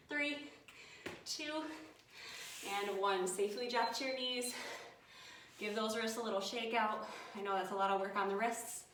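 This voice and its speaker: A woman's voice: a little high, slight background noise. A woman leading a home workout, upbeat and coaching, counting down each set, recorded by a camera set some distance away in an echoey room. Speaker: fitness instructor. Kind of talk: guided home workout instruction. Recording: echoey room, mic far from speaker.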